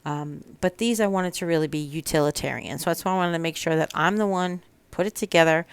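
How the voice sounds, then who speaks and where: In her kitchen, a DIY vlogger with a Long Island, New York accent chats her way through a home project for a casual crafting vlog. Her voice sits low and smooth with no room sound, and she often says "um" and starts over.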